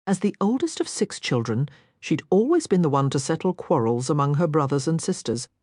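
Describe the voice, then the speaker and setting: Lively woman reading a romance novel. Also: low voice, no room sound, clean studio sound. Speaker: audiobook narrator. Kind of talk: scripted romance narration.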